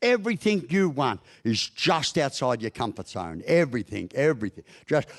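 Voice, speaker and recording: A man's voice: medium pitch, very animated, moderate pace. A middle-aged Australian man giving a humorous business talk, telling stories in a blunt, folksy way with mild swearing. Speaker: business speaker. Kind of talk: humorous keynote speech.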